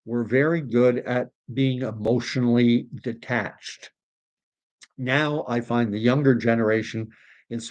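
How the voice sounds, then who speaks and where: Male livestream host from Canada, middle pitch, rambling chat, dry close sound. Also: darkish tone, no echo. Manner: rambling, self-correcting, reads comments aloud. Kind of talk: casual livestream chat reading viewer comments.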